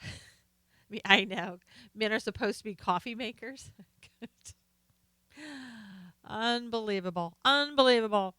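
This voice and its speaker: Middle-aged lady on a live stream, chatty and excitable, bright crisp voice, dry close sound. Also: medium pitch, a little slow, long pauses, no echo. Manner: chatty, excitable, laughs often, exclaims "oh my gosh". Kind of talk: casual live-stream chat reading viewer comments.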